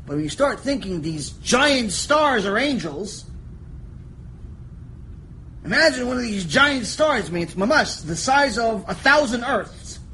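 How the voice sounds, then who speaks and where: A man teaching a Torah lecture, animated storytelling that jumps between quiet asides and shouted lines, joking with his listeners. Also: very high voice, measured pace, a little hiss or hum, low-quality recording. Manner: animated storytelling, acts out voices, jokes, shouts for emphasis. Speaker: rabbi teaching a lecture series.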